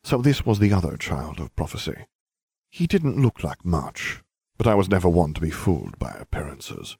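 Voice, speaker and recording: A man's voice: deep voice, sing-song, normal speed, vocal fry, darkish tone, husky, no room sound. A man reading first-person fiction aloud with dry, wry narration. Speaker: audiobook reader.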